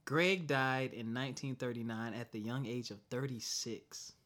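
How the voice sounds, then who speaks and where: A man's voice: medium pitch, fairly even intonation, moderate pace, fairly bright tone. A young adult man, co-hosting a casual podcast chat, joking and making asides as he reads facts aloud. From South Carolina. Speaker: podcast co-host.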